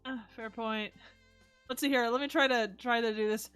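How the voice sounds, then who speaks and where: A woman's voice: a little high, steady tone, normal speed, a bit bright, clear, resonant tone, soft background music. An American woman co-hosting a casual live stream, reading out chat and giggling playfully. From United States.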